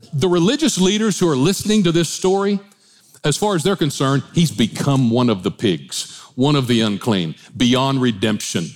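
A man preaching as a pastor, animated, with changing pace, asides and humor. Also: mid-range voice. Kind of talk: sermon.

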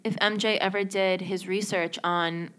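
A woman's voice: mid-range voice, steady tone, normal speed, fairly bright tone. Young woman chatting casually on a podcast. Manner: chatty, uses lots of fillers. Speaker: podcast co-host. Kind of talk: casual chat, running a game segment.

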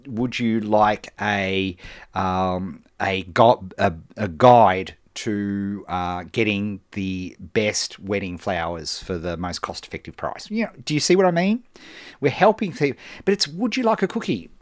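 A man's voice: fairly low pitch, expressive, unhurried, no echo, studio quality. A man hosting a live stream, explaining business ideas in an emphatic, off-the-cuff way with many fillers and restarts. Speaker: host answering business questions.

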